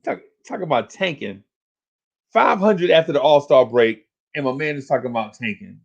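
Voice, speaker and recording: A man hosting a sports talk livestream, ranting in exasperation, repeating himself and climbing into shouts. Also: medium pitch, lively intonation, moderate pace, creaky. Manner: exasperated, repetitive, rising to shouts. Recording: lo-fi stream audio.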